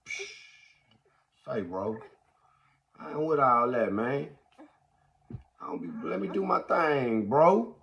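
A man's voice: medium pitch, very animated, takes it slowly, pauses often, a bit bright, slight background noise. A young adult man hosting a casual podcast while caring for his baby, talking in slang and playfully scolding the baby. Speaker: podcast host.

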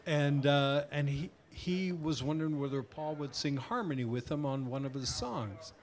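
A man's voice: on the high side, normal speed. A man as a guest author, animatedly telling an anecdote at a live tavern event and slipping into quoted voices. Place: tavern event before an audience.

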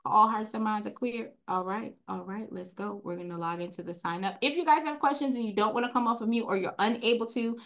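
A woman's voice: mid-range voice, brisk, few pauses. Chatty Caribbean woman on a video call. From Caribbean, grew up in Brooklyn. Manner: chatty and animated, addresses the group as y'all. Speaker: credit repair trainer hosting a group call. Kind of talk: casual online training session. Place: online group video call.

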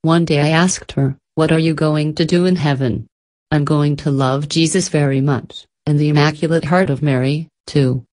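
A woman narrating an audiobook in a calm, reverent reading. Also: sits low, normal speed. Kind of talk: scripted narration.

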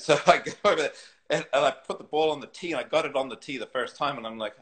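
A man, a former tour pro turned coach, telling stories in an interview. His voice sits at a middle pitch, and he laughs often and acts out what people said. He comes across a live video call. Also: quick pace. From New Zealand. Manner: animated storyteller, laughs often, acts out quotes. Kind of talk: interview storytelling.

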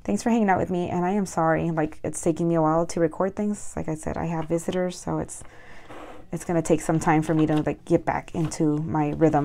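A woman with a hoarse voice chatting casually as she counts out cash for a budgeting vlog, murmuring numbers and talking excitedly to viewers. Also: lowish voice, a little hiss or hum. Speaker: budgeting vlogger.

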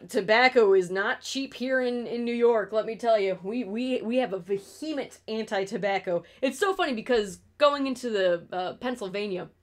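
A young adult woman streamer in casual stream chat, rambling and swearing freely. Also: mid-range voice.

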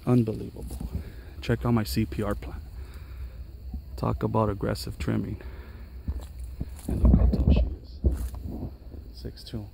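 A man's voice: on the low side, flat delivery, unhurried, gravelly, long pauses, heavy background noise. A man giving an enthusiastic, chatty outdoor tour of his pepper garden for viewers. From Los Angeles area. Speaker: gardening vlogger. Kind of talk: casual garden walkthrough vlog. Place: outdoors on a mountain trail garden.

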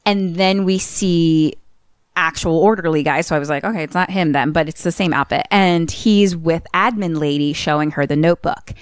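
A woman's voice: low-pitched, normal speed, clear, resonant tone, no room sound, clean studio sound. A woman podcast co-host recapping a film in a chatty, profane way. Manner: chatty and profane, plays scenes out.

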